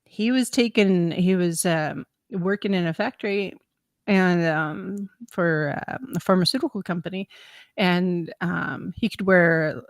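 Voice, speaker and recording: A woman's voice: fairly low pitch, measured pace, dry recording. A woman in her thirties chatting casually as a podcast co-host, telling stories with laughs and acted-out quotes. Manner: animated, laughing storyteller who acts out quotes. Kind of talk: casual chat, storytelling.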